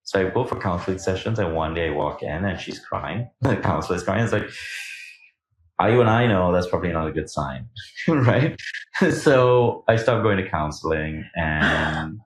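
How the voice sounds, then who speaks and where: A man's voice: low voice, normal speed. A man as a podcast guest, telling his own story candidly and animatedly, acting out what people said to him. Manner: animated, acts out quoted lines, laughs between points. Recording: roomy echo.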